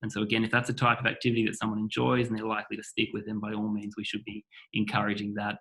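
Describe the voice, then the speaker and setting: A man giving an online academic presentation about his research, talking in a quick delivery that often restarts. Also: fairly low pitch, completely flat delivery, fairly bright tone, rough recording. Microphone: video call.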